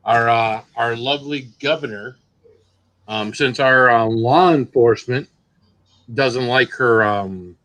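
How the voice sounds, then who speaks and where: A man's voice: mid-range voice, slow, a bit bright, low-quality recording. A man in casual podcast chat, speaking hesitantly with many ums and uhs.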